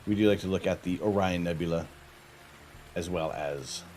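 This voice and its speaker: A man's voice: deep voice, moderate pace, a little mellow, a little hiss or hum. A man hosting a casual astronomy livestream from home, joking and laughing as he chats with viewers. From Canada.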